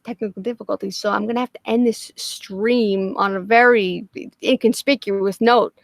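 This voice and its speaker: A woman's voice: medium pitch, fairly even intonation, normal speed, dry recording. A woman hosting a livestream in casual chat, swearing a lot and laughing often. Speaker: livestream host.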